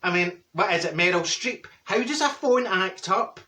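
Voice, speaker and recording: Casting: man as a mouthy middle-aged Glaswegian woman, high bright voice, blunt and mocking comedy monologue. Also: lively intonation, normal speed. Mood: ranting. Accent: Glaswegian Scottish. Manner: gossipy, blunt, mocking asides. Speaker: comic character monologue.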